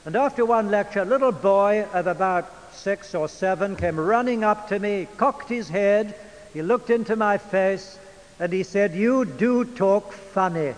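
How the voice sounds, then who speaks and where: An older man with an English accent preaching a sermon in a church, in a measured, emphatic manner. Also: sits high, a little hiss or hum. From England. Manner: measured, emphatic delivery with drawn-out phrases. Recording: long church reverb.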